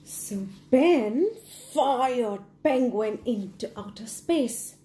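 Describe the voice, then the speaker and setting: Slow, expressive storyteller woman. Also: on the high side. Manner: expressive, asks the children questions, gasps in surprise. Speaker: storyteller for children. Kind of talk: reading a picture book aloud to kids.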